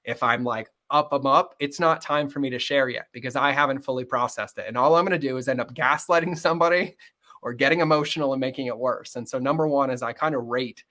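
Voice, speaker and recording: A middle-aged man speaking candidly as a podcast guest, earnest and fast-flowing, often acting out bits of dialogue. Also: medium pitch, sharp tone. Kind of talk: candid interview conversation.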